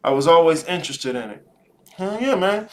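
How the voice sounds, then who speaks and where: A man hosting a live stream, talking casually and profanely, swinging between low musing and loud preachy rants. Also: animated, normal speed. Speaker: live show host.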